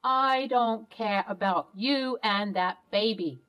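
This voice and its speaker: A woman's voice: mid-range voice, slow, a bit bright, clear, resonant tone, low-quality recording. A woman voicing a rich, cruel older mother-in-law who speaks in cold, contemptuous threats.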